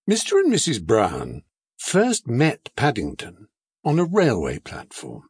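A man narrating a children's storybook audiobook in an expressive storytelling manner. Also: mid-range voice, measured pace, husky, no room sound, clean studio sound.

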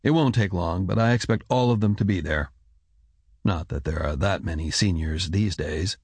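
A man voicing the measured, diplomatic head of a scholarly order. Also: deep voice, breathy edge, no echo. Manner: calm, careful, diplomatic.

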